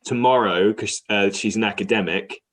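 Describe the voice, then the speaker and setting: A man's voice: fairly low pitch, moderate pace, a bit bright. A man playing a tabletop game, narrating his character's actions with comic timing. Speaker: player.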